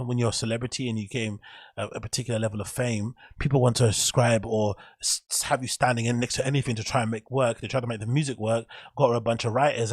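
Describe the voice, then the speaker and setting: A man's voice: medium pitch, breathy edge, no echo. Male host, solo podcast, rambling and opinionated, dry recording. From England. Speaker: show host.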